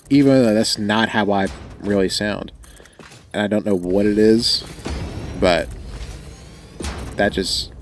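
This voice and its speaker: A man's voice: fairly low pitch, a little hiss or hum. A young man with a mild rural American country accent, livestreaming a game and chatting casually with viewers at a desk microphone, rambling and joking and often trailing off. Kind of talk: casual chat with stream viewers while gaming.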